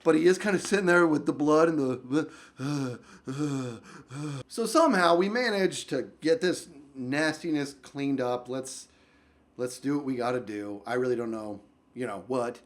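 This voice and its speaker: A young man telling a story on his vlog, very animated, swinging from loud outbursts to low mutters and rambling with lots of restarts. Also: normal speed. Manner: rambling, full of likes and restarts. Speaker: YouTube storyteller.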